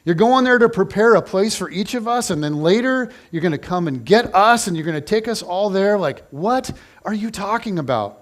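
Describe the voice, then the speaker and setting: A man's voice: sits high, lively intonation, normal speed. A man voicing a group of baffled male disciples who can't believe what they're hearing. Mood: incredulous.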